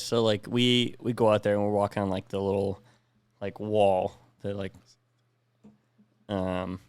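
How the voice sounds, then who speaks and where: A man's voice: low voice, clean tone, no room sound. A young man on a podcast telling a war story in casual, profane speech, acting out the dialogue. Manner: profane, recounts with quoted dialogue. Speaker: podcast co-host, veteran.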